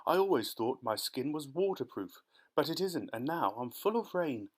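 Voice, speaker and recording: A man's voice: mid-range voice, sing-song, moderate pace. A man voicing a glum, pessimistic male earthworm in a storybook audiobook, talking in a complaining way.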